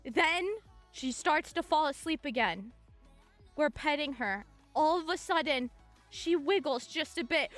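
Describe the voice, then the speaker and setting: A woman streamer telling a long story to her chat in an excitable way, breaking into shrieks and laughter. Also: high voice, a little slow, faint music behind.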